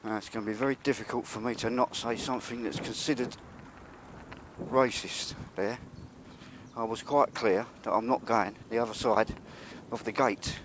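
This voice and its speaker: A wry, talkative man narrates his walk beside a railway yard. His voice sits at an ordinary pitch, and he sometimes drops to a low mutter. The recording is outdoors with clear background noise. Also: fairly even intonation, normal speed, rough recording. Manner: chatty, wry, drops to a mutter when sneaking. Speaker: vlogger walking and filming. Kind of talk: casual walking commentary.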